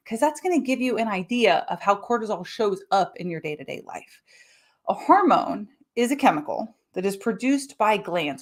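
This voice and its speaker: A woman with a medium-pitched voice hosts a live-streamed health podcast, explaining topics in a lively way and slipping into quick little character voices to act out her examples.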